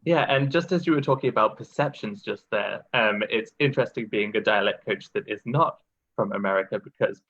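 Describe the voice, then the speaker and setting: A man's voice: on the low side, fairly quick, fairly bright tone, slight background noise. A man with an English accent, a dialect coach talking reflectively in a live online Q&A. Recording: dull, dry lo-fi call audio.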